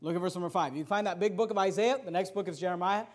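A pastor preaching a sermon, moving from conversational storytelling into forceful, raised-voice preaching. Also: male voice, high-pitched, racing.

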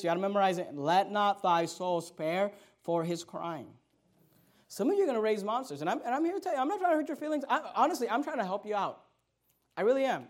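A man in his thirties preaching a sermon as pastor, swinging between loud outbursts and quiet asides and repeating scripture references to the congregation. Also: sits high.

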